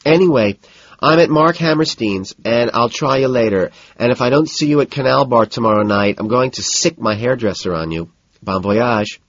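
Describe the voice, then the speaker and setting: A man's voice: medium pitch, moderate pace, fairly bright tone, no room sound, pitched above the performer's own voice. A man voicing a snobby, tipsy young socialite woman who talks in a bored, gossipy drawl, in a slightly muffled recording. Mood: bored, snobbish.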